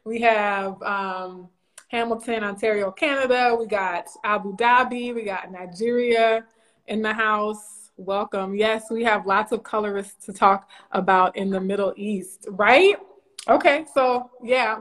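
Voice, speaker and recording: A woman's voice: mid-range voice, steady tone, unhurried, a bit bright. A woman from Louisiana, hosting a casual live stream. She is bubbly, laughs often and greets viewers by name. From Louisiana, USA.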